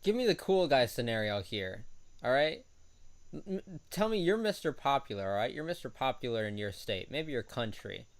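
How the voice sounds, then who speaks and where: Smooth-voiced young man cohosting a podcast. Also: mid-range voice, moderate pace. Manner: animated, acts out silly quoted voices. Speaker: podcast co-host. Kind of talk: casual comedic podcast chat.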